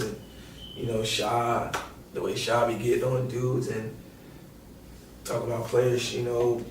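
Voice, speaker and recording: A young man, a podcast guest telling an animated, slangy, profane story and acting out quotes. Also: mid-range voice. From New York. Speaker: podcast guest, former college basketball player. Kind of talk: casual storytelling. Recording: echoey room, distant mic, faint noise.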